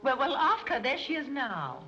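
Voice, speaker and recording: An actress playing a scatterbrained wealthy society matron who chatters in a dithery, rambling way, in a 1930s film comedy. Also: female voice, high voice, huge pitch swings, moderate pace, highs cut off, exaggerated voice. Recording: scratchy 1930s film soundtrack with music.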